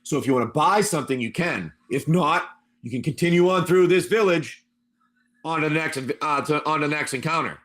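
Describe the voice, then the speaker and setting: A man narrating a wasteland tabletop adventure on stream keeps things brisk, his slightly high voice a bit bright. As game master he rambles loosely, tossing in asides and calling each player by name.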